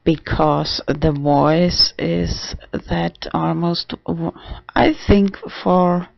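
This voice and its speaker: A trans man talking haltingly in a casual video diary, with many restarts and fillers. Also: fairly high pitch, fairly even intonation, vocal fry, dry recording. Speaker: vlogger. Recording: dull dry lo-fi recording.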